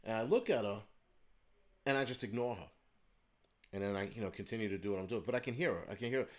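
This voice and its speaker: A man's voice: fairly low pitch, quick pace. A man hosting his channel, telling a story in a heated, profane rant. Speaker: host of a prepping channel. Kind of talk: ranting storytelling monologue.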